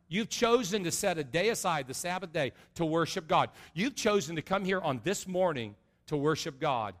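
A middle-aged man preaching an earnest sermon as a pastor, going from soft and low to loud and high. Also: sing-song, normal speed, hardly any pauses. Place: large church sanctuary. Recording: long reverb of a large hall.

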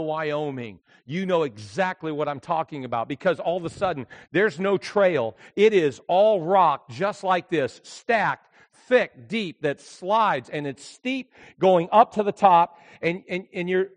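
Storytelling older male pastor, high voice. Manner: storytelling, swings from hushed to shouting. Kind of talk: sermon.

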